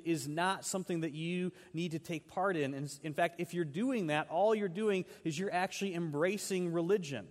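Male pastor, slightly high voice, conversational sermon with emphatic scripture reading, long church-hall reverb.

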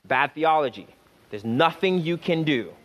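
A man's voice: on the high side, lively intonation, a bit bright. Fervent male preacher stressing each phrase. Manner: repetitive restarts, rising to fervent emphasis, slows for key phrases. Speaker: pastor. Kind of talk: sermon.

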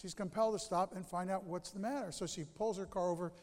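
A male pastor preaching a sermon, telling stories with animated delivery and dramatic pauses. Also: sits high, long reverb tail.

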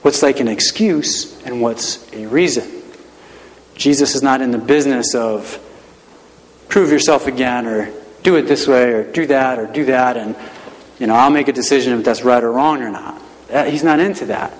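A male pastor preaching a sermon in a relaxed, conversational way, with many rhetorical questions. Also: mid-range voice, moderate pace, long reverb tail, low-quality recording.

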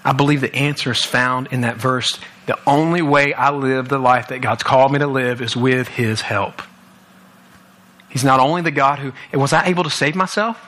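A man's voice: a little high, pushed and bright. A young man giving an earnest sermon at a church youth service, often repeating himself as he restarts. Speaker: guest youth speaker.

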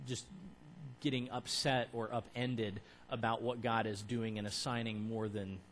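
A man preaching to his church in a conversational way, building to emphatic, louder peaks. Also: on the low side, a little hiss or hum, rough recording. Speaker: pastor. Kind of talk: sermon.

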